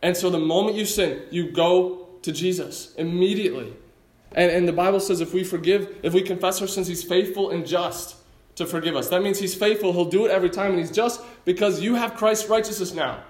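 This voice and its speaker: A man preaching a sermon in an animated, conversational way with casual asides. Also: sits high, fairly quick, roomy sound. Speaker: pastor.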